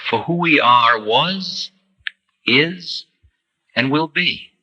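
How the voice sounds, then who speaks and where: Man, spiritual teacher, very sharp bright tone, animated storytelling, old recording with long hall reverb. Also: a little high, extremely slow, breathy edge, highs cut off. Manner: animated storyteller, acting out quoted voices. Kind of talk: spiritual lecture. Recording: reverberant lecture hall, archival tape.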